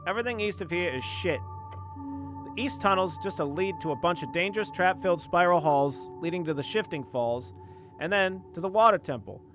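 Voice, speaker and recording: A man voicing a cheeky, sarcastic male goblin with a raised, lively voice. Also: high voice, over music. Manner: sarcastic, quick.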